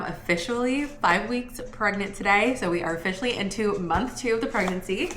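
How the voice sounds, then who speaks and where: A woman's voice: medium pitch, a little fast, hardly any pauses, reverberant, noisy background. A young woman chatting casually in a home vlog, tired, talking loosely with lots of "like" fillers. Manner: chatty, says "like" often. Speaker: vlogger.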